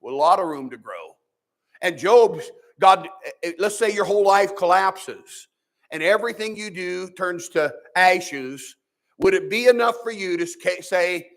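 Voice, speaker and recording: Emphatic high-voiced preacher man. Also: moderate pace. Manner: emphatic preaching with sudden loud rises and soft drops. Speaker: pastor. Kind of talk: Sunday school sermon.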